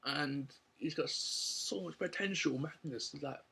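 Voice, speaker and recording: A young Londoner with a London accent casually recaps a wrestling show, rambling and upbeat, dropping plenty of ums and likes. His voice sits a little high and is creaky, husky and sharp in tone, delivered at a measured pace.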